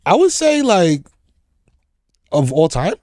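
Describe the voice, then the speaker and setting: Animated profane New man host. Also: high voice, slow, dry recording. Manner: animated, profane, laughs a lot, mimics voices. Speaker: podcast host. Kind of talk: casual podcast banter.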